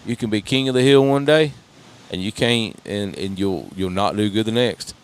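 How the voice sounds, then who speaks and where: A man co-commentating a live car race, chatty and quick to exclaim at surprises. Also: on the low side, a little hiss or hum.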